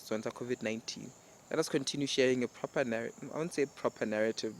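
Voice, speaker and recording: A man's voice: medium pitch, slight background noise. A man hosting a daily show, telling a fairy tale casually and then reflecting on it, rambling and correcting himself. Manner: relaxed, rambling, self-correcting. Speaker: host.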